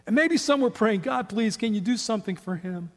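A man's voice: expressive, fairly quick. A man preaching a sermon as pastor, building to emphatic, fervent peaks. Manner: impassioned preaching, rising to high emphatic peaks, then quiet in prayer. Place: church sanctuary. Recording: long reverb of a large hall.

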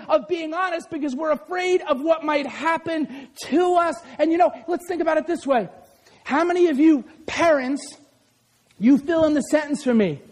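A man preaching a sermon with passion, often shouting and asking his congregation questions. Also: very high-pitched. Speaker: pastor.

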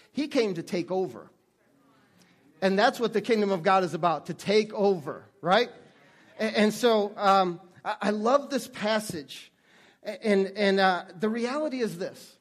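Earnest high-voiced male pastor. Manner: earnest, halting with frequent restarts. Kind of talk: sermon.

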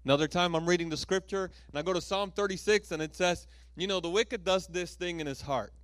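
A male pastor preaching a sermon with lively storytelling, acting out voices and laughing at himself. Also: sits high, a little fast, no echo.

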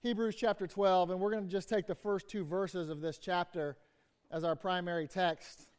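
Male guest preacher, high voice, halting sermon delivery with frequent restarts and fillers. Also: fairly even intonation, darkish tone, smooth.

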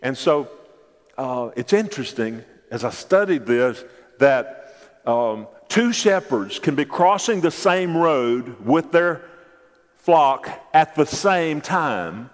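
A pastor preaches a sermon in a church sanctuary, addressing the congregation directly with emphasis and repeated words. His medium-pitched voice has lively intonation, and he takes it slowly. The long reverb of a large church fills the recording.

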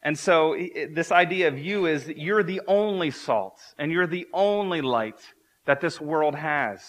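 A man's voice: fairly high pitch, measured pace. A man in his thirties preaching a sermon as pastor, earnest and repeating key phrases for emphasis.

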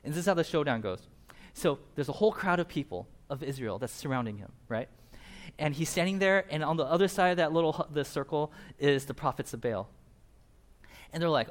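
A man's voice: a little high, a little fast. A man preaching a sermon, telling a Bible story with energy and acting out the quotes. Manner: animated, acts out quotes in changing voices, laughs often. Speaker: pastor.

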